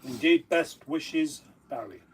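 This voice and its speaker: Husky, teasing male co-host. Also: a little high, slow pace. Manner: teasing, rambling explanations. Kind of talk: casual live-stream chat.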